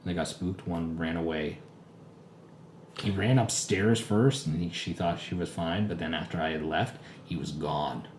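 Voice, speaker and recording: A man in his thirties co-hosting a casual podcast, telling animated, self-mocking stories. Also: deep voice, unhurried. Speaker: podcast co-host. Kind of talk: casual chat. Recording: echoey room with faint background noise.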